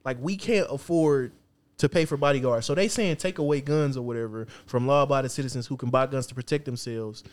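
A man's voice: mid-range voice, fairly quick. Male podcast co-host, rambling, filler-heavy casual talk. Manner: rambling, repeats words, many fillers. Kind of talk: casual chat.

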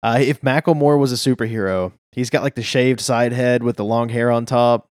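A man's voice: medium pitch, steady tone, normal speed, darkish tone, no echo, clean studio sound. A man co-hosting a podcast, chatting easily about a comic and laughing along. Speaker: podcast co-host. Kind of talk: casual chat about a comic.

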